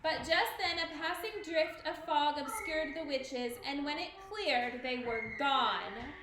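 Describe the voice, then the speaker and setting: A woman reading a storybook aloud to children in a classroom, with clear, expressive storytelling. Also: sits high, slow pace, roomy sound, noisy background.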